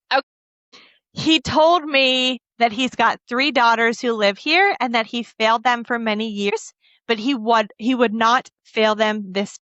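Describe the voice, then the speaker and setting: A woman's voice: a little high, fairly bright tone, no echo. Emotional woman recapping a fantasy novel. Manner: emotional, laughs and chokes up while recounting. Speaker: book podcast co-host. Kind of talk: casual book recap, retelling scenes with quoted dialogue. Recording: dull lo-fi dry audio.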